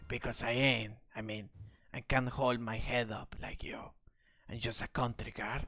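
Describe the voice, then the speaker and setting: A woman's voice: a bass voice, fairly even intonation, moderate pace, no echo, faint music behind, pitched below the performer's own voice. A woman putting on a mumbling shy country girl. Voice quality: quiet, mumbling, hesitant.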